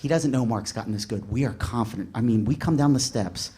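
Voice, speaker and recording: A man performing a stand-up comedy set, telling animated stories and acting out voices. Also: mid-range voice, a little fast. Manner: animated, storytelling, lots of voices. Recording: noisy live club recording.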